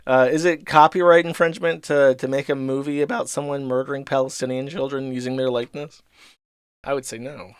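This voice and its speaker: A man's voice: mid-range voice, steady tone, brisk, clean tone, no echo, clean studio sound. A man hosting a casual livestream, reading out viewer donations and rambling about them with frequent laughs and swearing. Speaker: livestream host.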